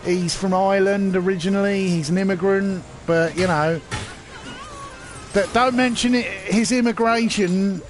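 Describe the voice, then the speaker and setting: A man's voice: high voice, steady tone, unhurried, faint music behind. A man ranting to his viewers in a rambling, sarcastic way, full of restarts and fillers. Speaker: channel host. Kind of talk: casual rant to camera.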